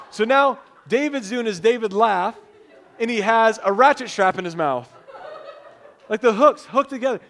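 A man preaching a sermon, telling a personal story in an animated way, with loud bursts when he gets excited. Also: high voice, slight background noise. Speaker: pastor.

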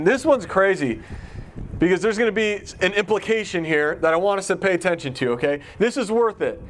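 A man's voice: high voice, a little hiss or hum. A man giving an informal Bible teaching in a conversational way, asking his listeners questions as he goes. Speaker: pastor.

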